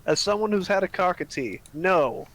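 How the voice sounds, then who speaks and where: A man's voice: high voice, animated, normal speed, fairly bright tone. A man joking and teasing during a casual group chat on a stream. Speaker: guest. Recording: faint background noise.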